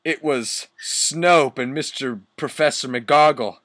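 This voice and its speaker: Young guy mock-reading awful fanfic, swears at it, dry close mic, slow. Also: mid-range voice, fairly bright tone, no room sound. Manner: mocking, laughs and swears at the text. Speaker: reader. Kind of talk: comic dramatic reading.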